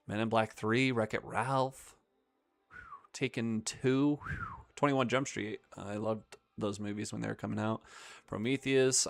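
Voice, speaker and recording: A man's voice: fairly low pitch, creaky. A young man hosting a live stream, chatting casually about movies in a rambling way, with lots of ums and half-finished thoughts. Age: young adult.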